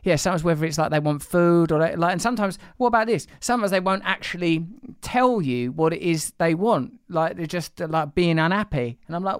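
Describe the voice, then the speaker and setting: A man's voice: fairly high pitch, fairly quick, few pauses, clear, resonant tone, no echo, clean studio sound. A man, hosting a podcast in a rambling, self-deprecating way and swearing casually. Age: 40s. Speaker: podcast host.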